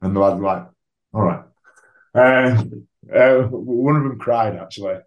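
A man's voice: mid-range voice, normal speed, lo-fi sound. A man, a rugby league player telling his own story as a podcast guest, frank and self-deprecating, swearing freely. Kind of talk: candid conversational storytelling. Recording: roomy echo.

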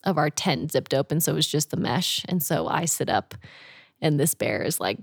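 A young woman telling a camping story in casual chat, animated, laughing often and swearing freely. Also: low voice, normal speed, gravelly, slightly rough, dry recording, studio quality.

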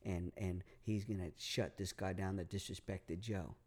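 A man's voice: low voice, steady tone, moderate pace, darkish tone. A man telling a long story in casual podcast chat, rambling, repeating words, swearing and using lots of fillers. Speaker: podcast guest.

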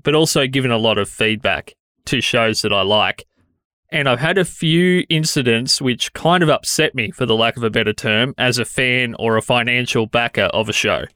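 Aussie guy doing his solo podcast, frank and chatty, mid-pitched voice, dead dry close mic. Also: fairly bright tone, dry recording. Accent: Australian. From Australia. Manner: frank, conversational, mildly exasperated critique. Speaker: podcast host. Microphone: studio dynamic microphone.

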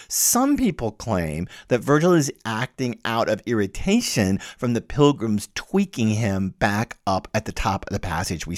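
A man hosting a podcast, giving a lecture-style close reading with lively emphasis and wry laughs. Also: mid-range voice, dry recording. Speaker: podcast host and literature teacher.

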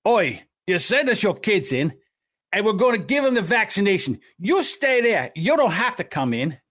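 A man's voice: high voice, sing-song, normal speed, fairly bright tone, pitched above the performer's own voice, heavily acted. A man voicing a brash male Australian official, in a put-on Australian accent, with a bossy, breezy way of talking.

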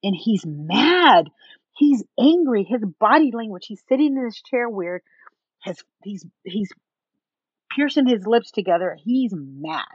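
A woman speaks as an interview guest, recounting her own experience in an animated way and slipping into the voices of people she quotes. Her pitch sits in a middle range. The recording is dry with no room sound and slightly muffled. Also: a little slow, breathy edge, dry recording. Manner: animated, acts out what others said. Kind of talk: personal storytelling in an interview.

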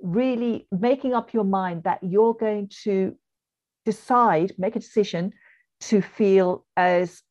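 A woman's voice: mid-range voice, slow, a little mellow, highs cut off. Earnest English woman coaching. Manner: earnest, encouraging, reflective. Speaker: guest, business coach. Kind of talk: podcast interview.

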